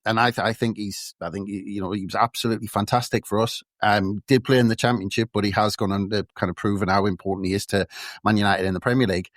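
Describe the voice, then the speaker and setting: A man's voice: lowish voice, steady tone, fast talker, no echo. Man, North East English accent, podcast co-host, musing, restarts a lot, dry recording. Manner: thoughtful, rambling with restarts. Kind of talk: casual football chat.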